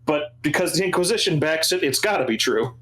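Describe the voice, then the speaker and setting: A man banters in and out of character at a tabletop game, his pitch swinging widely as he talks. He sounds lively and laughs often. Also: fairly quick.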